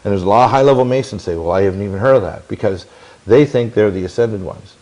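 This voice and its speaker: A man in his sixties, speaking fast in a fairly low, darkish voice, tells long stories as an interview guest. His telling is intense and rambling, full of restarts and quoted dialogue.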